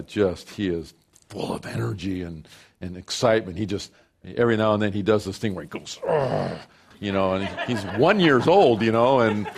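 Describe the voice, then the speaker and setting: An older man, a grandfather, preaching a sermon, moving from loud declarations to hushed, folksy storytelling. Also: low voice, gravelly. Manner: folksy, repeats and restarts phrases. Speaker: pastor.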